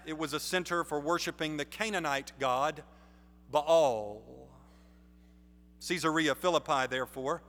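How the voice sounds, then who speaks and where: A man preaching a sermon in a measured, emphatic way, building stress on key phrases. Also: on the high side, bright, forceful tone. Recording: long reverb of a large hall.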